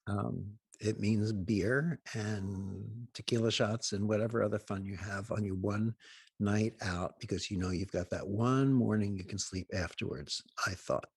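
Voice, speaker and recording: Husky-voiced man telling wry stories. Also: on the low side, no echo, studio quality. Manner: anecdotal, with wry asides and pauses. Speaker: host of a healing program. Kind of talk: humorous storytelling talk.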